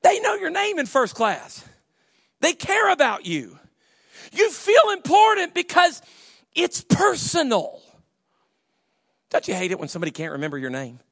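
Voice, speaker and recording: Lively animated male pastor preaching. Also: extremely high pitch, measured pace, pauses often, no echo, studio quality. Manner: animated storyteller, acts out quoted voices loudly. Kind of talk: sermon with humorous stories.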